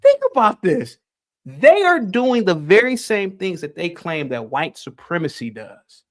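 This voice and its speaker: A man's voice: very animated, a little slow. A man hosting a heated call-in debate, talking theatrically and swinging his voice up and down. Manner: theatrical, swings pitch widely.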